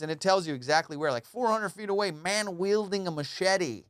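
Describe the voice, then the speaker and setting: A man hosting a podcast, telling profane, rambling comic stories in a casual, animated way. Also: high-pitched, fast talker, dry recording, studio quality. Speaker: comedian and podcast host. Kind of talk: casual comedic storytelling. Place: Los Angeles.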